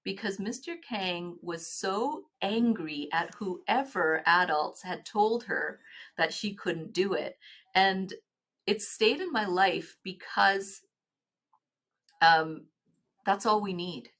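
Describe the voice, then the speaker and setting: A middle-aged woman, telling personal stories as a podcast guest in an earnest, halting way with many restarts. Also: medium pitch, fairly bright tone. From Canada. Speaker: guest, nonprofit executive. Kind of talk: podcast interview storytelling.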